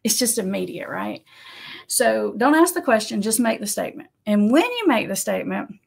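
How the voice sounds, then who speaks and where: A woman who works as an addiction counselor, giving casual advice to camera in a conversational, animated way. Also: medium pitch, normal speed, vocal fry, husky. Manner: conversational, animated, laughs often, acts out quotes.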